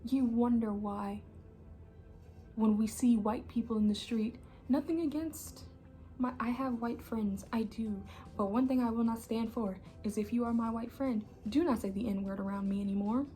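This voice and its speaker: A young woman gives an impassioned personal monologue, angry and emphatic, repeating herself and often dropping to an intense hush. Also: a little high, moderate pace, faint music behind. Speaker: channel host.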